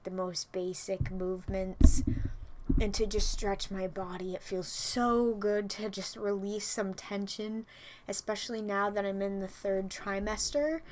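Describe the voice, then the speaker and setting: Chatty young woman, a little breathless. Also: medium pitch. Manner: chatty, frequent "like" and "you know", soft breathy asides. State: slightly out of breath. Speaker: podcast host. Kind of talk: casual solo chat.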